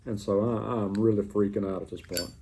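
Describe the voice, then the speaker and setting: A man's voice: on the low side, a little fast, a little hiss or hum. A middle-aged man, casually telling a story to the camera in a drawling, folksy way. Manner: drawling, folksy, animated retelling.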